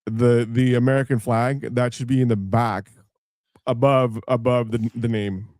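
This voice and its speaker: A man co-hosting a radio show, joking and teasing with halting fillers. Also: mid-range voice, fairly even intonation, a little mellow, no room sound. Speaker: radio co-host. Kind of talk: casual radio banter.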